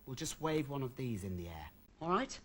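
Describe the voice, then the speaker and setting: A woman presenting children's TV, brisk and down-to-earth, a little bossy with her co-host. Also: extremely low pitch, big pitch swings, a little hiss or hum. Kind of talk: children's TV banter.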